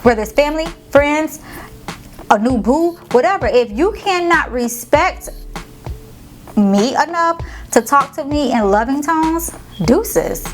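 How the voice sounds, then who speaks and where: A woman's voice: sits high, animated, unhurried, soft background music. Sassy woman giving a pep talk. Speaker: motivational vlogger and podcast host. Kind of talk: casual motivational talk to camera.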